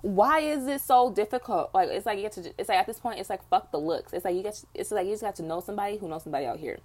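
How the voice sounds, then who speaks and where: A woman's voice: mid-range voice, quick pace. A young woman hosting her own podcast, venting bluntly with lots of swearing in casual chat. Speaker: podcast host.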